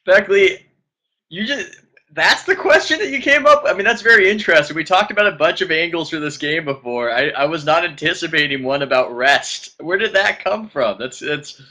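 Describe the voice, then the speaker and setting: A man's voice: fairly high pitch, expressive, moderate pace, pushed and bright. Wry, teasing male co-host. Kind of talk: casual podcast chat.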